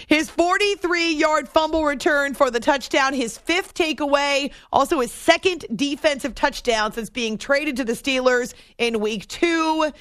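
High-voiced, enthusiastic woman radio host. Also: animated, measured pace, few pauses, fairly bright tone, no room sound, studio quality. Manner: enthusiastic, emphatic, talks to callers. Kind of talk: animated sports talk radio. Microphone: studio microphone.

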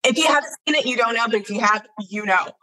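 A woman's voice: on the high side, quick pace, bright, forceful tone, poor audio. A woman speaking as a guest in a casual conversation, emphatic and blunt, swearing freely.

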